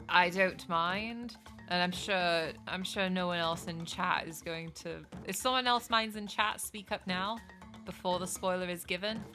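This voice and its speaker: Bright-voiced young woman streamer. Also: fairly low pitch. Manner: rambling, self-mocking, talks to chat while playing. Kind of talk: casual live-stream gaming chat.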